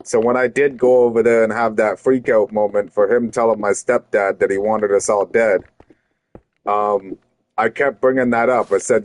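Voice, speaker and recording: A man's voice: lowish voice, fairly even intonation, normal speed, dry recording. Heated, profane man telling a story. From Canada. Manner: heated, profane, rising to shouted retorts. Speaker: streamer. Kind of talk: angry storytelling.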